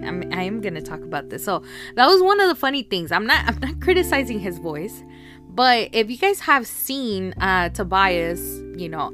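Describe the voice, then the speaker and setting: A woman talks her way through a casual solo podcast, rambling, laughing often and filling gaps with ums and likes. Her pitch sits in an ordinary middle range, and clear guitar music plays underneath her voice. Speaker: podcast host.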